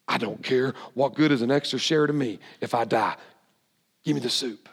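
A preacher voicing a starving, desperate hunter who pleads impatiently. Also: male voice, mid-range voice, normal speed, slightly rough, long reverb tail.

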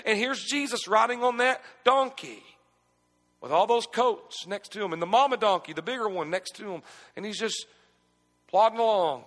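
A pastor preaching a sermon in a high, bright voice that climbs into shouted emphasis and drops into folksy asides. His voice rings with long reverb in a church sanctuary. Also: moderate pace.

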